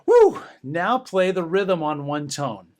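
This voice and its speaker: A man's voice: fairly high pitch, expressive, measured pace. A middle-aged man giving a band lesson, encouraging students and counting rhythms aloud with bursts of cheering. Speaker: band director. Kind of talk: music lesson demonstration.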